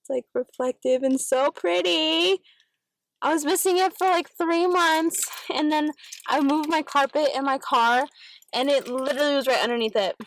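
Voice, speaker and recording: Young woman, high-pitched, loose rambling vlog talk full of fillers and swearing, recorded on a phone. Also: normal speed, no echo, poor audio. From Texas. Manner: rambling, lots of "like" fillers, swears freely when annoyed. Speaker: vlogger. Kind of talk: casual vlog chat. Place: in and around her car, partly outdoors. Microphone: phone camera set down nearby.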